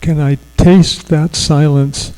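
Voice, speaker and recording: Man giving a laid-back spiritual talk, slow and thoughtful, mellow voice, laughs easy. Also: fairly high pitch, fairly even intonation, clear, resonant tone, poor audio. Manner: reflective, conversational, laughs easily. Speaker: spiritual speaker. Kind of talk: sermon.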